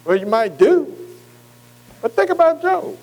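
A man's voice: extremely high pitch, sing-song, a little slow, a little mellow, poor audio. An older man preaching a folksy sermon, often checking in with his congregation. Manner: folksy, calls for congregation response.

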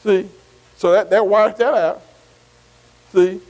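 An older pastor with a high-sitting, steady, slightly mellow voice leads a Bible study sermon at a slow pace on a low-quality recording. He works in call-and-response, repeating "see?" and "amen" and posing questions to the room.

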